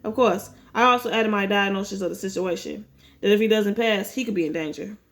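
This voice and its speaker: A woman voicing a cold, blunt male psychology student who talks flatly, like a machine. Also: high-pitched, brisk. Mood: clinical. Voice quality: flat, robotic delivery.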